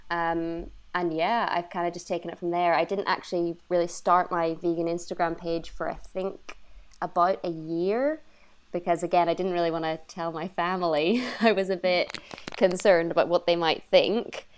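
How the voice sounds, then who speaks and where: A woman's voice: lowish voice, steady tone, normal speed, smooth. A young woman from Ireland, chatting as an interview guest, laughing often and acting out her own past remarks. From Northern Ireland. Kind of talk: casual interview chat. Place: lives in London.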